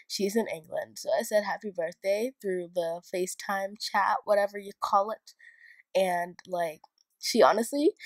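A young woman talks through a game build in a casual, wandering way, poking fun at herself as she goes. Her voice sits at an ordinary middle pitch for a woman. It sounds close and dry, with no room around it. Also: dry recording. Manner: rambling, chatty and self-mocking. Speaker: video game builder and YouTuber. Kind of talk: casual narrated build tour.

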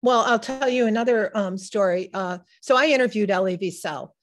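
A woman's voice: mid-range voice, normal speed. Woman, 60s, Chicago accent, author being interviewed, digressive storyteller, casual. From Chicago area, USA. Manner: animated, digressive storyteller who often restarts sentences. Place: synagogue.

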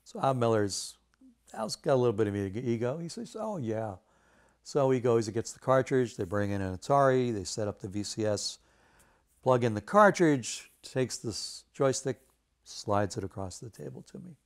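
A man, a video game artist telling a lively story in a casual interview, acting out the voices of the people in it. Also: mid-range voice, normal speed. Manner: animated anecdote telling with quoted voices.

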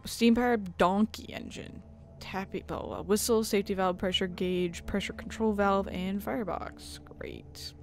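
A woman's voice: mid-range voice, steady tone, normal speed, slight background noise. A woman hosting her gaming channel, chatting casually as she plays and sometimes swearing at the game. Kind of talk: let's play commentary.

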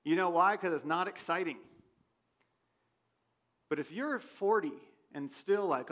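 A pastor preaching a sermon in a church, his voice swinging from loud questions to quiet asides. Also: sits high, a little slow, long pauses. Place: church sanctuary.

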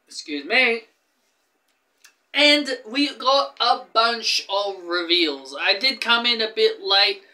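On his channel, an eager gaming YouTuber chats casually through gaming news, tripping over his words and frequently restarting sentences. His high voice rings very bright and sharp, and he can barely contain his excitement.

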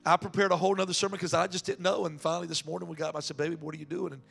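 A man preaching as a pastor, candid and emotional, swinging from hushed confession to raised shouts. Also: a little high, level tone, racing, creaky, husky. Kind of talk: sermon.

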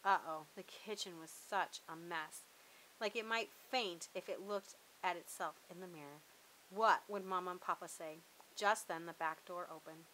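A woman reading a children's storybook aloud with lively, expressive narration. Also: on the low side, normal speed, slight background noise, poor audio. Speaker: storybook reader.

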